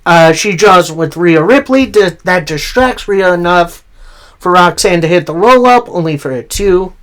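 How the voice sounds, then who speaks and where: A man hosting a casual weekly wrestling recap, retelling the action play by play with frequent filler pauses. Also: high voice, expressive, fairly bright tone. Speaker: wrestling show recap host.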